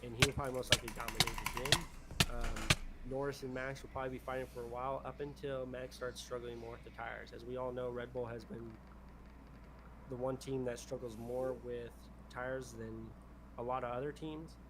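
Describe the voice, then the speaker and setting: A man's voice: medium pitch, little pitch movement, fairly quick. Rambling male streamer, noisy mic. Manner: rambling, repeats "definitely". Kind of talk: casual chat while gaming.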